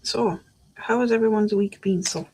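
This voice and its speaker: A woman's voice: mid-range voice, steady tone, moderate pace, a little mellow, a little hiss or hum. A woman chatting casually on a live stream, reading out chat messages while she builds a model kit at her desk.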